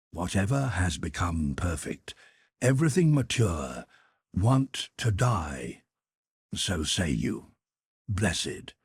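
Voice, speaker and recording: A man giving a dramatic, declamatory audiobook reading, slowing down and sometimes dropping into a whisper. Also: sits low, darkish tone, slightly rough, dry recording, studio quality. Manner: slow, declamatory delivery with dips into whispers. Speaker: audiobook narrator.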